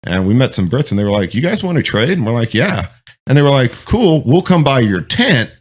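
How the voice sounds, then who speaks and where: A man's voice: medium pitch, big pitch swings, fairly quick, husky. A man, a military veteran, telling rambling, profane anecdotes in casual chat. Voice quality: swears freely, rambling anecdotes.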